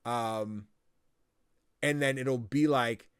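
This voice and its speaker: A young man hosting a podcast, chatting casually and acting out quotes in lively voices. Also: mid-range voice, slow, pauses often, smooth, dry recording, clean studio sound. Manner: animated, quotes himself and others in lively voices. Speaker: podcast host. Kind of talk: casual chat.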